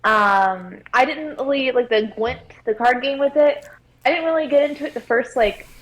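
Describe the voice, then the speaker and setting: A woman with a fairly high voice chats on a gaming podcast. She talks haltingly and fills her sentences with filler words. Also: poor audio. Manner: hesitant, constant filler words. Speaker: podcast co-host. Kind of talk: casual chat about video games.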